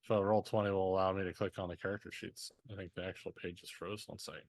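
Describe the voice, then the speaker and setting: A man's voice: low voice, level tone, fast talker, no echo. A man playing in an online tabletop game, joking and laughing often. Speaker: player. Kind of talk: casual tabletop game chat.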